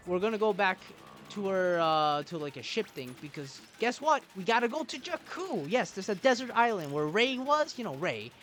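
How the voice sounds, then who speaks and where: Animated young man venting over gameplay. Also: sits high, normal speed, slight background noise. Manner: animated, exasperated, self-mocking. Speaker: gaming YouTuber. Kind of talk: gameplay commentary. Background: game music.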